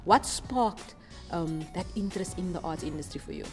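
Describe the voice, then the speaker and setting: A woman's voice: fairly low pitch, normal speed, long reverb tail, faint music behind. A woman host, interviewing upbeat and encouraging, switching between English and Afrikaans. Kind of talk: casual interview.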